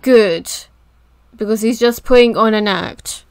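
A woman hosting an anime reaction, talking back at the screen in a distraught, swearing way. She speaks slowly and unhurriedly. The sound is dry and close, with no room echo. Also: on the high side, a little mellow, clean tone. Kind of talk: emotional reaction commentary.

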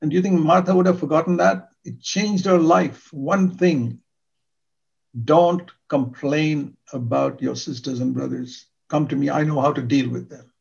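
A man's voice: a little high, unhurried, creaky, a little mellow, lo-fi sound. An older man preaching a sermon in an earnest, emphatic way, repeating key words for stress.

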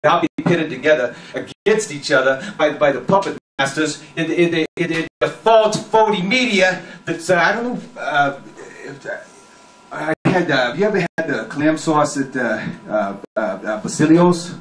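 Man playing a cranky talk radio host, halting and rambling, fillers and restarts, abrupt barked orders, echoey room, background noise. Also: on the high side, expressive, a bit bright. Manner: abrupt outbursts barking orders. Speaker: comedy performer. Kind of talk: spoof talk radio monologue.

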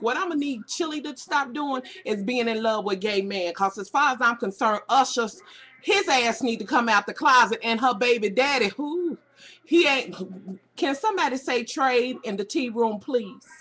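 A woman's voice: a little high, normal speed, a bit bright. A middle-aged woman with a Southern US accent, ranting bluntly and profanely about reality TV on a webcam. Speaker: vlogger. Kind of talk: casual reality TV rant.

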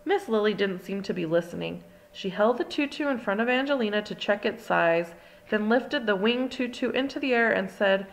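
A woman's voice: medium pitch, normal speed, vocal fry, low-quality recording. Woman reading a children's storybook. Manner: gentle, expressive narration. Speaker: storybook reader. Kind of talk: children's storybook read-aloud.

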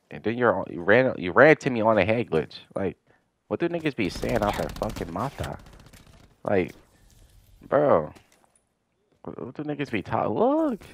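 Young male gamer, low gravelly voice, profane and exasperated trash-talk commentary. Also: slight background noise. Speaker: gaming commentator. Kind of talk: gameplay commentary.

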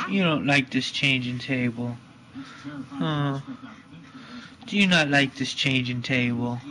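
A woman filming at home by a changing table, talking to a baby in soft, coaxing baby talk. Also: low voice, slight background noise, poor audio.

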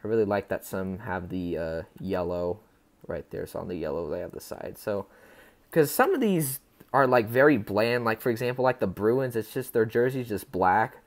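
A man's voice: fairly low pitch, animated, normal speed. A man hosting a casual unboxing video. He chats upbeat and rambling with his viewers and stumbles over player names as he goes. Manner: chatty and upbeat, talking to viewers. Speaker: unboxing channel host.

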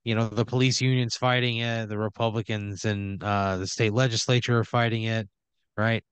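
A man's voice: lowish voice, flat delivery, moderate pace, clean tone, dry recording. A man on a comedy podcast telling a long improvised hypothetical, rambling with lots of "like" and "right?".

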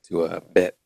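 A man's voice: darkish tone, no echo. A man co-hosting a casual podcast chat, who laughs often and reads articles aloud. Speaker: podcast co-host.

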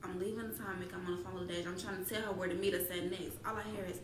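A young woman rattles through a heated story at a rapid clip, blunt and profane, and slips into quoted voices as she goes. Her voice sits mid-range and bounces around a roomy space, with a faint hiss beneath it. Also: fairly low pitch, fairly even intonation. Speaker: streamer speaking on a live stream.

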